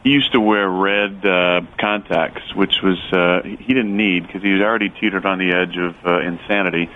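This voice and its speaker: A man's voice: deep voice, fairly even intonation, normal speed, phone-quality sound. A man, a former football player, telling a rambling football story with lots of fillers. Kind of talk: casual storytelling on radio.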